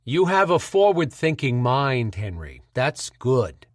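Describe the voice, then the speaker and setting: A man voicing a scheming middle-aged senator with a smooth New England accent and a patronizing manner. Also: medium pitch, very animated, slow pace, no room sound, clean studio sound. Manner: smooth, patronizing, slyly mocking.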